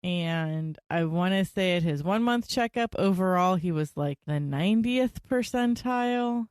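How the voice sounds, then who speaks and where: A young woman co-hosting a podcast, telling family stories in a chatty, animated way. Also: fairly low pitch, clear, resonant tone, no echo, studio quality. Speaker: podcast co-host. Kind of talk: casual chat.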